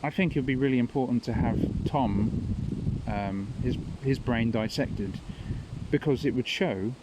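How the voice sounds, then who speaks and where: A man's voice: medium pitch, background noise. A man hosting a podcast, telling stories in a rambling, casual monologue and chuckling at his own tales. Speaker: podcast host.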